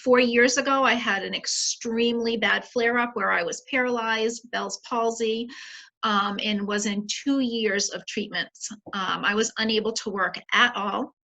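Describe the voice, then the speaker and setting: A woman from Maine sharing her personal story in an earnest, halting way, with many fillers. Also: on the high side, fairly even intonation, vocal fry, pushed and bright. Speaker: guest speaker. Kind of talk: emotional personal testimony. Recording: dull lo-fi audio.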